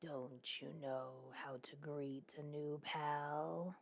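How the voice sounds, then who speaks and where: A woman voicing a short, grinning male skeleton prankster in a game with a slow, gravelly drawl. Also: sits low, fairly even intonation, voice pushed down, heavily acted. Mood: creepy.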